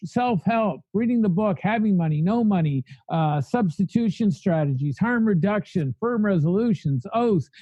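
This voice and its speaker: A man's voice: high voice, animated, normal speed, few pauses, mellow, no echo, highs cut off. A man telling his recovery story in a podcast interview, blunt and fiery, speaking in long spoken lists. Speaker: guest sharing recovery story.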